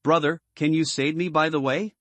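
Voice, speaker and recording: A man's voice: fairly high pitch, fairly even intonation, moderate pace, a bit bright, no echo, close to an everyday voice. A man voicing a chained male prisoner who wheedles to be rescued. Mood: wheedling.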